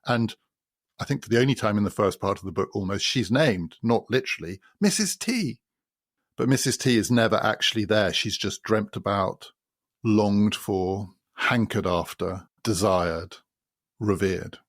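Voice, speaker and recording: Man, podcast host, low voice, gravelly fry, dry close sound, explanatory, repetitive emphasis. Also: normal speed, no room sound. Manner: explanatory, builds points by repetition. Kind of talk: spoken literary commentary.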